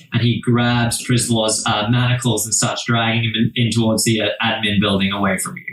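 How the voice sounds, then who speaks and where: A man narrating as game master in a relaxed, hesitant way, with lots of fillers and restarts. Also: on the low side, brisk, few pauses. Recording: roomy, distant mic.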